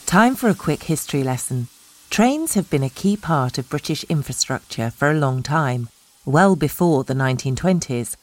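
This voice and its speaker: A woman narrating a feature in a measured, polished, scripted way. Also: low-pitched, expressive, dry recording.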